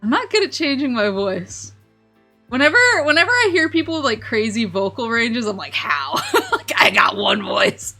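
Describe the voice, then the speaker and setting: Young woman, vtuber chat, giggly, rambling, lively pitch, slightly high voice. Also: normal speed, faint music behind. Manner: giggly, rambling, self-interrupting. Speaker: vtuber streamer. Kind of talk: casual chat stream.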